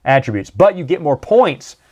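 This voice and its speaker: A man's voice: fairly high pitch, big pitch swings, moderate pace, a little mellow, highs cut off. A man giving a casual, rambling book review, full of restarts and asides. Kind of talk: casual monologue.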